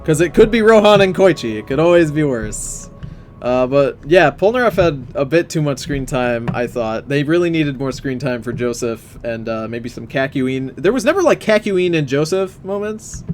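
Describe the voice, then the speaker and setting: A man with a fairly high voice chats loosely, rambling and cursing offhand as he runs through fan art on his own show. Soft music plays faintly behind him. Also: expressive, normal speed. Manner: rambling, offhand, swears casually. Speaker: YouTube host showing fan art. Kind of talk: casual commentary. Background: faint background music.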